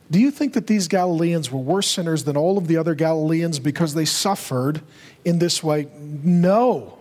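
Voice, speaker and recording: A male pastor preaching a sermon with urgency, driving home his points and rising to loud, emphatic peaks. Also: on the high side. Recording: long reverb of a large hall.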